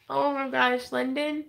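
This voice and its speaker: A woman's voice: sits high, creaky. A young woman hosting a casual craft livestream, reading viewer comments and chatting with giggles and fillers. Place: home craft room.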